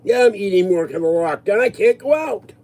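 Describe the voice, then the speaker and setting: A man's voice: sits high, animated, a little fast, warm tone. A man in his sixties ranting casually to his viewers, agitated and rambling. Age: 60s. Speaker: livestreamer answering viewers.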